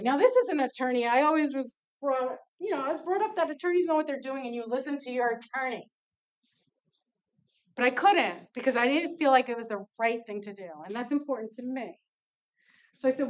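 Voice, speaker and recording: A woman with a slightly high voice tells students a story in a casual talk. She is candid and lively, and acts out the back-and-forth dialogue as she goes. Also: normal speed. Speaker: nonprofit CEO speaking to students.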